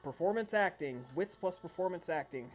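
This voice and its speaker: Guy running a tabletop game, relaxed, faint music behind. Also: sits high, moderate pace. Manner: relaxed, breaks into loud shouted voices for villagers. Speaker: game master.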